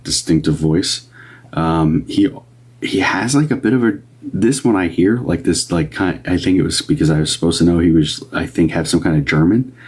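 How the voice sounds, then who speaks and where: A man's voice: deep voice, darkish tone. A man doing live medium readings on a stream, talking casually and rambling with many fillers and restarts. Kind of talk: casual livestream talk.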